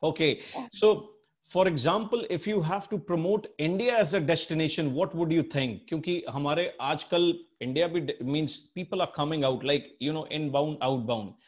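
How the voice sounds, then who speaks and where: A man's voice: fairly high pitch, fast talker, muffled recording. A man hosting a quiz-style interview, mixing English and Hindi and lavishly praising his guest. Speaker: quiz show host. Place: remote, living abroad.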